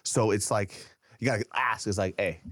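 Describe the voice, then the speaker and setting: A man co-hosting a podcast, in loud casual banter that is full of swearing and laughter. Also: fairly low pitch, moderate pace, dry recording, clean studio sound. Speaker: podcast co-host. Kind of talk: casual chat.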